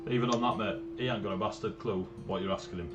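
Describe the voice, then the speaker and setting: A man's voice: fairly low pitch, steady tone, fast talker. A man running a tabletop game and laughing often in loose, chatty talk. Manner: laughing, loose and chatty, plays shopkeepers briefly. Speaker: game master. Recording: online call with faint music behind.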